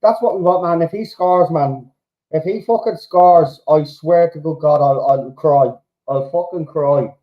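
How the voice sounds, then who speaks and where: A man reacting live to a football match as a fan host, swearing freely and shouting at the players. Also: fairly high pitch, unhurried, muffled recording.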